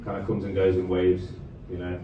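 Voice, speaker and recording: This comedian's voice sits low and his delivery is completely flat, heard on lo-fi sound. Working a club stage with a handheld microphone, he trades quick asides with the live audience between bits. It's a far-off, echoey club recording with noise.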